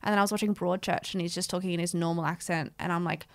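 A woman's voice: fairly low pitch, fairly even intonation, fast, no room sound, clean studio sound. A young woman co-hosting a podcast in casual chat, playful and chatty, who acts out the quotes she tells. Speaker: podcast co-host.

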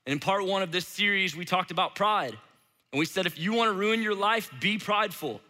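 Bright high-voiced man preaching casually. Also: brisk. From Saint Louis, Missouri. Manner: casual, chatty, heavy use of "like". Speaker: pastor. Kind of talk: sermon. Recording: long hall reverb.

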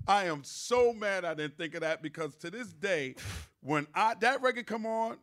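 A man hosting a podcast, telling studio stories in a loose, animated, profane way. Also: high voice, moderate pace. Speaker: podcast host. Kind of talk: casual storytelling chat.

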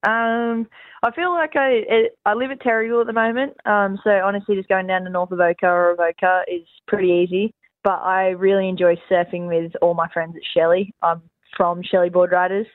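A woman's voice: medium pitch, steady tone, fairly quick, no echo. Laid-back Australian woman on a phone line. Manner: laid-back, friendly, filler-heavy. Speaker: guest, pro surfer. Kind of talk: radio phone interview.

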